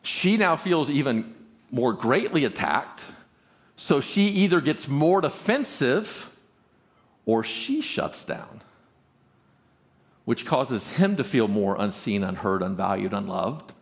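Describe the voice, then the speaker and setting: Animated man giving a marriage talk. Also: mid-range voice, vocal fry. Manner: animated, acts out both spouses in quoted lines; repeats words in quick restarts. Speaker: marriage conference speaker.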